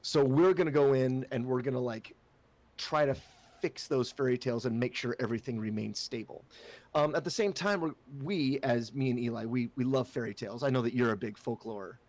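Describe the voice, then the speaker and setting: A man's voice: medium pitch, brisk, a little mellow. A man co-hosting a casual chat about a tabletop game, talking loosely with many fillers and restarts. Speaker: co-host and player.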